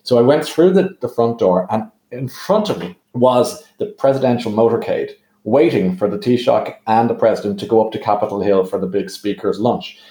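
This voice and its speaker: A man with an Irish accent, a podcast guest telling a lively self-deprecating anecdote. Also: fairly low pitch, moderate pace, hardly any pauses. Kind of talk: animated storytelling. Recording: roomy echo.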